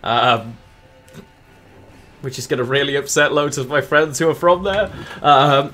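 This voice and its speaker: A man's voice: mid-range voice, a little slow, pushed and bright, soft background music. A man gives casual commentary while playing a game, thinking aloud and chatting with viewers between moves. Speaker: game streamer.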